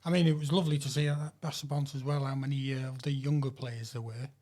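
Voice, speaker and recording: A man co-hosting a casual podcast chat, hoarse and losing his voice, easygoing and polite. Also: medium pitch, level tone, quick pace, a little mellow. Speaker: podcast co-host.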